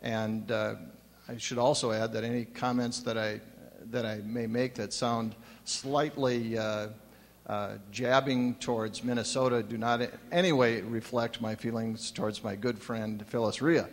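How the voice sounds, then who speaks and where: A man's voice: medium pitch, flat delivery, unhurried, in a large hall, slight background noise. A man giving prepared remarks as a commissioner on a conference panel, reading from notes with dry humor.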